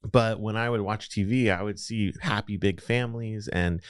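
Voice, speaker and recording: A man's voice: on the low side, moderate pace, clear, resonant tone, no room sound, studio quality. A man, telling his story as a podcast guest in a reflective, rambling way. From Los Angeles area. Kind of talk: casual interview storytelling.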